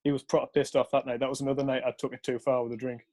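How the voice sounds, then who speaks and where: A man's voice: mid-range voice, flat delivery, rapid-fire, darkish tone. A young man casually telling a rambling story, swearing often and laughing along. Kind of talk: casual chat.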